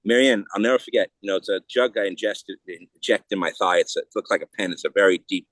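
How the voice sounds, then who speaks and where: Fast-talking, heated man. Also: fairly low pitch, fairly bright tone, no echo. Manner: rapid, heated, with many restarts and repeats. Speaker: podcast guest. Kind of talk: casual interview talk.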